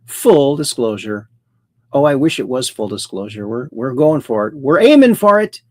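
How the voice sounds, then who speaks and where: A man's voice: mid-range voice, big pitch swings, normal speed, dry recording. A man hosting a casual livestream, rambling playfully, greeting chat viewers by name and making puns. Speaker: livestream host.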